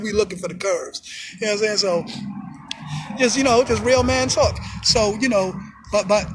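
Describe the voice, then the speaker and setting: A man talking in a casual monologue, animated, full of street slang, often acting out other people's voices. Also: high-pitched, slight background noise. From New York. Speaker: host. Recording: music in background.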